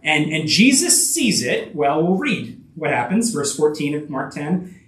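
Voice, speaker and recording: Earnest high-voiced preacher in an echoey room. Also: male voice, big pitch swings, unhurried, fairly bright tone. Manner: earnest, many fillers and restarts, rhetorical asides, builds to emphatic peaks. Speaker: pastor. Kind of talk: sermon. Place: church sanctuary. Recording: echoey room, voice picked up from a distance.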